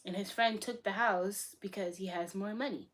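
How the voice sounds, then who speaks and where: A young woman from Boston chatting casually on a livestream, answering her chat in a blunt, profane way that swings between loud bursts and soft asides. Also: mid-range voice, moderate pace. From Boston, USA. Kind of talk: casual live-stream chat.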